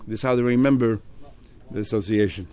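A man's voice: fairly low pitch, fairly even intonation, fast, warm tone. A man teaching a text study class, explaining step by step and acting out the speakers he quotes.

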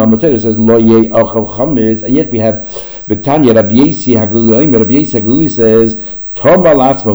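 Guy teaching talmud, talks quick, real dark mellow voice, keeps restarting sentences. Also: mid-range voice, poor audio. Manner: explains in quick bursts, mixing Aramaic terms into English, with restarts. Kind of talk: Talmud class lecture.

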